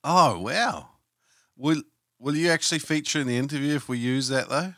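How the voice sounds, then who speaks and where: A man's voice: a little high, moderate pace, bright, forceful tone, no room sound, clean studio sound. A man hosting a casual podcast interview, chatty and joking. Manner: laid-back, chatty, joking. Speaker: podcast host.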